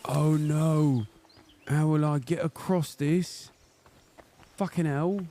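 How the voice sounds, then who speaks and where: A man's voice: fairly high pitch, fairly even intonation, takes it slowly, dark tone, slight background noise. A man in his thirties streaming a game live, chatting casually in a profane, joking way and slipping into a mock "lad" voice. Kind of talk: casual live-stream chat while gaming.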